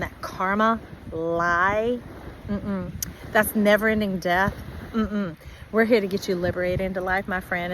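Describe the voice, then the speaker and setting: Woman tarot reader, animated, mid-range voice, faint background hiss. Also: mid-range voice, rough recording. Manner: animated, acts out viewers' voices. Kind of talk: spiritual tarot reading.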